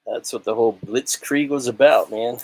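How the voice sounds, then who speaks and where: A man working as auctioneer on a live online sale, calling bids in a rapid, steady patter with joking asides. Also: medium pitch, dry recording, rough recording.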